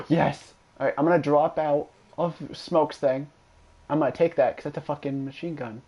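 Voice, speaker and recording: Profane, excitable male gaming streamer. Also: fairly high pitch, moderate pace, breathy edge. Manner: profane, excitable trash-talk. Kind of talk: casual gameplay commentary.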